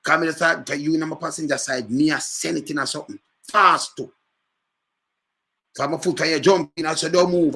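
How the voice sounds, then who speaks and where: A man with a Jamaican accent talks in casual, animated commentary. His voice is bright and husky, and he repeats himself and breaks into loud bursts. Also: medium pitch. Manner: animated, emphatic, repetitive with loud outbursts.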